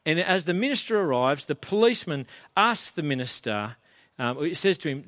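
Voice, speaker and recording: A middle-aged pastor delivers a sermon in a relaxed, conversational way, joking at his own expense. His voice sits slightly high for a man, and the sound is close and dry. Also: brisk, no echo. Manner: casual, chatty, self-deprecating.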